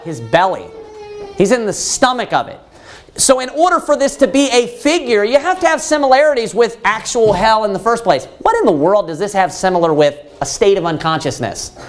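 A man preaching a sermon, emphatic, asking the congregation rhetorical questions and answering them himself, quoting scripture in old-fashioned wording. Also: high voice.

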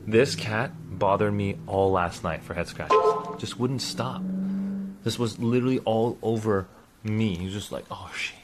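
A man's voice: fairly low pitch, measured pace, heavy background noise. A man hosting a casual livestream from indoors in an apartment, chatting in a rambling way and thanking viewers. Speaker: streamer host.

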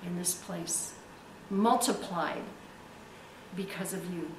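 A woman's voice: lowish voice, takes it slowly. A woman pastor preaching a sermon and leading prayer, emphatic and stretching key words for effect. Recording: echoey room, distant mic, faint hiss.

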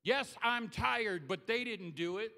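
A man's voice: sits high, unhurried, gravelly, pushed and bright. A man preaching a sermon as pastor, conversational and humorous, acting out scripture scenes in his own voice.

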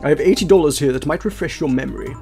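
A man voicing a well-spoken, balding older gentleman in a video game, with a slow and formal way of talking. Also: on the high side, creaky, soft background music. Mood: persuasive. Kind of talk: reading game dialogue aloud.

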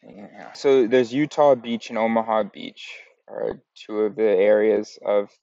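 A man's voice: fairly low pitch, steady tone, measured pace, dark tone, no echo, highs cut off. A man from the United States talking to camera in a casual, meandering vlog, correcting himself as he goes. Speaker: vlogger. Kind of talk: casual rambling monologue.

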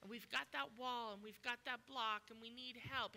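A woman preaching a sermon as a guest speaker at a church, animated and acting out the voices of people in the story. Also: on the high side, normal speed. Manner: animated, acts out voices in quoted dialogue.

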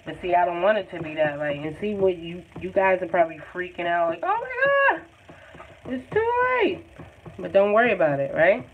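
A woman's voice: fairly low pitch, fast talker, few pauses. A woman giving a live painting lesson in a chatty, encouraging and informal way. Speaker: art tutor. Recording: tinny phone-like sound, faint noise.

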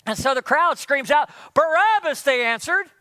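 Very high-voiced, bright male preacher. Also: moderate pace, no echo. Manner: animated, fires rhetorical questions at the congregation. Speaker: pastor. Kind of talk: sermon.

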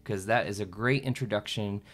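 A man's voice: on the low side, moderate pace. A man hosting a podcast, chatting in a friendly, rambling way and often correcting himself. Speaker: podcast host. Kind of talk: casual interview chat.

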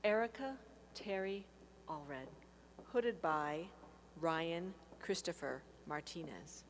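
A woman announcing and reading out names at a formal ceremony, in a clear, steady delivery. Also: fairly low pitch, slow. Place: large hall. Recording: faint hum.

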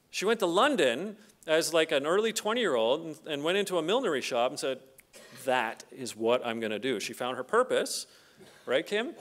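A man's voice: fairly high pitch, moderate pace. A middle-aged Canadian man giving a conference keynote, telling stories and acting out the voices of the people in them. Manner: animated storyteller who acts out quoted voices. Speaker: keynote speaker.

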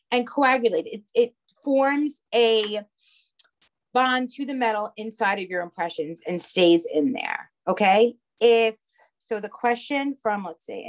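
A woman with a heavy Long Island accent teaching a live online craft class, chatty and often checking in with her viewers. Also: a little high. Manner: chatty, checks in with "okay?" and "all right". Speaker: craft instructor.

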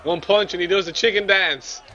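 A man's voice: high voice, steady tone, normal speed, lo-fi sound, a little hiss or hum. A young man giving brash, swearing commentary on his own video game match, trash-talking the opponent. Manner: brash and swearing, trash-talks the opponent, yells when losing. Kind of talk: casual gameplay commentary.

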